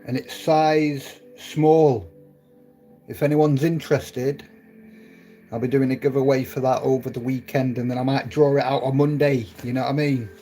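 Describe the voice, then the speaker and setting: A man talks loosely into his phone on a live stream, laughing often and speaking straight to people in the chat. His pitch sits in an ordinary middle range. Soft music plays faintly behind him. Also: level tone, normal speed.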